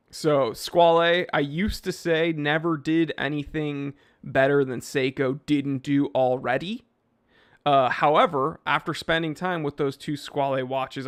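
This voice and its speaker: A man hosting a casual live stream, reading viewer names and chatting in an animated way, with frequent fillers and restarts on a microphone he sometimes bumps. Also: fairly high pitch. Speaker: livestream host answering chat.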